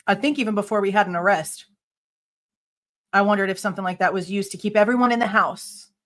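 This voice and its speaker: Speaking fast in a mid-range, somewhat bright voice, a woman hosts a live true crime reaction show. She reads police report lines aloud and argues with each one, swearing offhandedly, blunt, exasperated and sharply skeptical.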